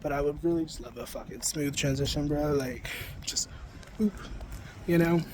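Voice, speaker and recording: Walking along a road as traffic passes, a young spiritual vlogger rambles casually into a handheld phone. His voice is a little high at normal speed, and he swears often, peppering his talk with "like" and "you know."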